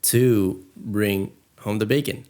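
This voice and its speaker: A man's voice: fairly low pitch, steady tone, slow pace, mellow. A young man co-hosting a podcast in casual chat, talking earnestly and at length, and acting out quoted lines in a raised voice. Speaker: podcast co-host.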